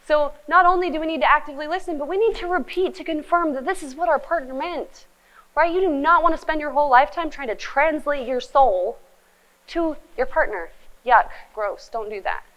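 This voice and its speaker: Lively, joking woman relationship coach. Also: high voice, fairly quick, rough recording. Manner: lively, joking, acts out quoted partners. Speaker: relationship speaker and life coach. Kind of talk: motivational talk.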